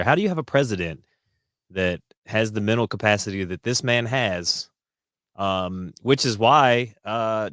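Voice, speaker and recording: A man with a fairly low voice who co-hosts a podcast and cracks sarcastic jokes, stumbling over fillers in between. The sound is dry and close to the mic. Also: fairly bright tone, no room sound. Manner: sarcastic joking. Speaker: podcast co-host. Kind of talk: casual chat.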